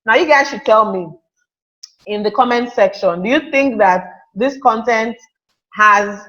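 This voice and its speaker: A chatty woman teaches a live webinar, her fairly high voice bouncing between points and viewers' comments. The sound is a little dull, like audio from an online call. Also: measured pace, a bit bright. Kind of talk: live online class talk.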